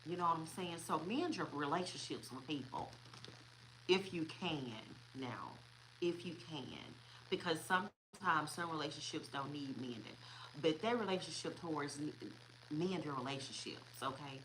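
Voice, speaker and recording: Chatty tarot-reading woman, low voice. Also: normal speed, fairly bright tone, slight background noise, low-quality recording. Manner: chatty, repeats herself, laughs often. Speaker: tarot reader.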